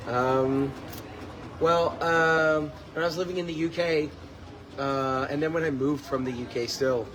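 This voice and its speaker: A man's voice: on the high side, steady tone, a little slow. A man being interviewed as a touring musician, chatty and hesitant, with lots of ums. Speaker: musician guest. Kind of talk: casual interview. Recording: noisy background.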